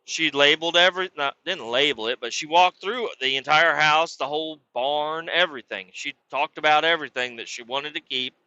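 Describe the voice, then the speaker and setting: A man telling crude, excitable stories on his podcast, acting out both sides of arguments. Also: on the high side, brisk, few pauses, no echo, lo-fi sound. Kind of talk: casual storytelling.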